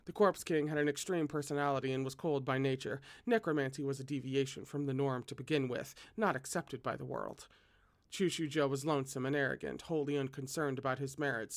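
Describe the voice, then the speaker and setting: A host reads a novel aloud with expressive delivery and drops in chatty asides. The voice sits at a middling pitch and sounds close and dry. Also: dry recording. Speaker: read-aloud reader.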